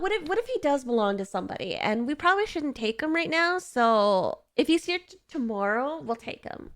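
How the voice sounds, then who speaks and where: A woman's voice: very animated, normal speed. A woman streamer reading a story game aloud and chatting to her viewers, gushing and emotional. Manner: emotional, gushing, high squeals when moved. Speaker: gaming streamer.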